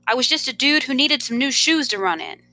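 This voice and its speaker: A woman, a teacher, reading a novel aloud in an expressive first-person storytelling manner. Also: high-pitched, a little fast, soft background music.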